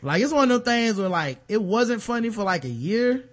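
A man co-hosting a podcast in casual chat, animated and full of fillers. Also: high voice, normal speed. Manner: animated, lots of fillers and put-on voices in stories. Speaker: podcast co-host.

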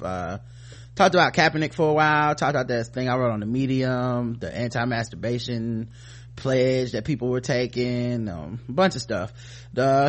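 A man's voice: mid-range voice, a bit bright. A man hosting a podcast, reading listener comments aloud in a casual, joking way with plenty of profanity. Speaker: podcast host.

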